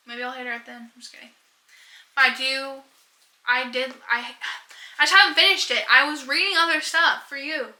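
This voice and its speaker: A woman's voice: high-pitched, fairly even intonation, a little fast, pushed and bright, roomy sound, poor audio. A young woman chatting casually about books on a vlog, rambling and giggling as she goes. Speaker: book vlogger. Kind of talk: casual chat.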